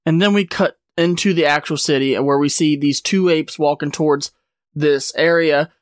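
A man's voice: on the high side, steady tone, normal speed, no room sound, clean studio sound. Man in a casual comic recap. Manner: rambling retelling, many "like" and "uh" fillers. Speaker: podcast host.

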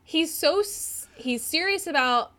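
A woman's voice: sits high, lively intonation, a little slow, bright, forceful tone. A woman co-hosting a podcast, talking frankly and casually with swearing and laughter. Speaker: podcast co-host. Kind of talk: casual chat about a film.

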